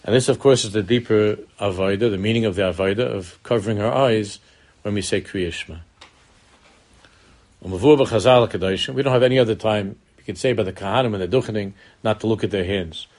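A man's voice: fairly low pitch, normal speed, darkish tone. Earnest man teaching Torah. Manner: earnest, repeats words, mixes Hebrew terms into English, rises in emphasis. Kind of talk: Torah lecture.

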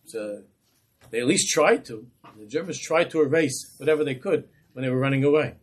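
Husky-voiced rabbi giving an impassioned lecture. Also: male voice, medium pitch, animated, fairly quick. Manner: impassioned, rhetorical. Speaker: rabbi teaching a class. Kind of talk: Torah class lecture.

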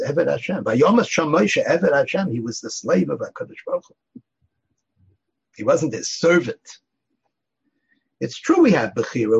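A man's voice: on the high side, gravelly, a little mellow, slightly rough, dull audio. An older man, a rabbi, gives an informal Torah lecture, telling stories and digressing with a chuckle and frequent "you know"s. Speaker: rabbi teaching a class.

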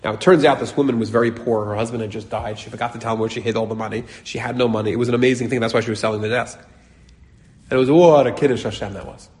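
A man's voice: mid-range voice, steady tone, racing, a little mellow. A middle-aged man giving a casual, joking Torah class, telling stories and acting out quoted voices, with Hebrew and Yiddish words mixed in. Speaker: Torah teacher.

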